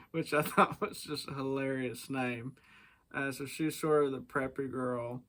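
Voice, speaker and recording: A man's voice: medium pitch, fairly bright tone. A man casually reviewing a book, hesitant with many fillers and chuckles.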